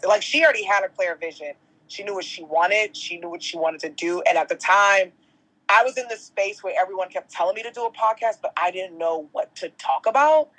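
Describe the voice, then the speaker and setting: A woman in her thirties, a guest on a podcast, telling stories in a lively, casual way and swearing now and then. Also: fairly low pitch, fairly quick, low-quality recording. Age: 30s. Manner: animated storyteller, swears casually. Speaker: guest, entertainment host.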